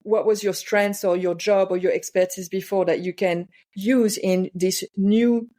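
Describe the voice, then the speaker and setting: A woman's voice: medium pitch, steady tone, a little slow, dark tone. A French woman with a French accent, a guest artist chatting in an interview, hesitant with many fillers. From France. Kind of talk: casual interview chat.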